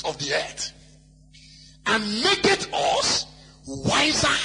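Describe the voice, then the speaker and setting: A man preaches in a strikingly high, lively voice, stretching scripture out slowly and breaking into shouted emphasis. His tone is bright and forceful, with sing-song imitations of wailing worshippers. The sound rings with long hall reverb over faint music. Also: creaky. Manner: mimics wailing crowds in sing-song cries. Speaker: pastor. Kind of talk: sermon.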